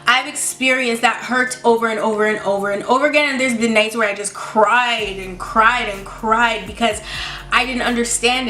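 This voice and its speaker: Bright-voiced young woman ranting candidly. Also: a little high. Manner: candid, exasperated, emphatic with mocking asides. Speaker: vlogger. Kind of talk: storytime rant. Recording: echoey room with faint music.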